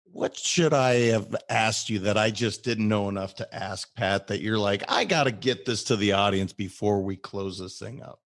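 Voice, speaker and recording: A man's voice: on the low side, normal speed, hardly any pauses. A man hosting a podcast interview, talking eagerly to his guest and to the listeners, whom he calls "guys". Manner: enthusiastic, addresses listeners as "guys". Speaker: podcast host.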